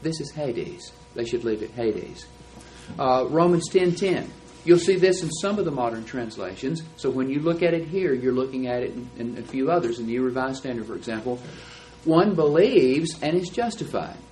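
A man's voice: mid-range voice, animated, moderate pace, a little mellow, a little hiss or hum, low-quality recording. A man teaching a Bible class, explaining texts in an emphatic, lecturing way. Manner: emphatic, explanatory, stresses key words.

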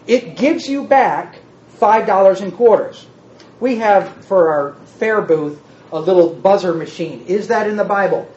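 Speaking in a slightly mellow mid-range voice, this preacher teaches his sermon in an echoing hall, captured with a muffled, dull recording. He plays on the meanings of words like a teacher and keeps pushing his audience with a string of rhetorical questions.

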